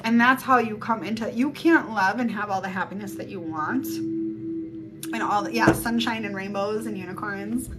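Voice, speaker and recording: A woman's voice: medium pitch, normal speed. Blunt rambling woman giving a spiritual reading. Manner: rambling and blunt, swears casually. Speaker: psychic reader on a live stream. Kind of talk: casual spiritual reading chat. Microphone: phone mic. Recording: music playing behind the voice. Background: music.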